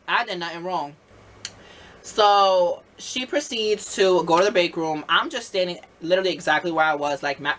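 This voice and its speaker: A young adult man with a high voice tells a casual, animated story about managing a store. He peppers it with "like" and swearing while acting out both sides.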